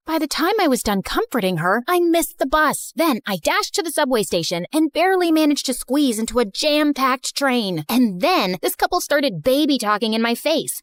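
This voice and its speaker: Young woman narrating an animated story, sarcastic and chatty, high bright voice that leaps around. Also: no room sound. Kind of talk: scripted first-person story narration.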